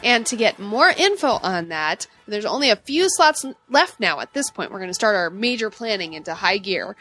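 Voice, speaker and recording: A woman co-hosting a podcast in casual chat, bubbly and excitable as she reads out announcements. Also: mid-range voice, normal speed, slight background noise. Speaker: podcast co-host.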